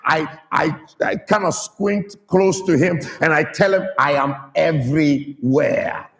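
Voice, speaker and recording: A man's voice: high voice, unhurried, gravelly, fairly bright tone, big-room sound. A man preaching a sermon to his church, stressing key words and getting the people to repeat them. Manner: emphatic, draws out key words and gets the congregation to repeat.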